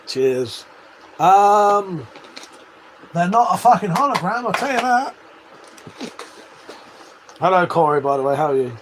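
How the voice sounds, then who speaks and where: A man's voice: sits high, big pitch swings, measured pace, pauses often, slight background noise. An English man in his forties chatting casually on a live stream, reading out viewer comments, laughing and swearing as he banters. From England. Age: 40s.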